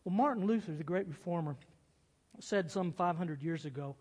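A man preaching a sermon who retells stories with animated, dramatic build-ups. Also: high voice, normal speed. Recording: long hall reverb.

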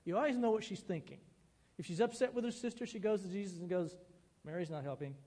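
High-voiced preacher in a reverberant hall. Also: male voice, fast, breathy edge. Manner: expressive preaching, acts out quoted lines. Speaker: pastor. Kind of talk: sermon.

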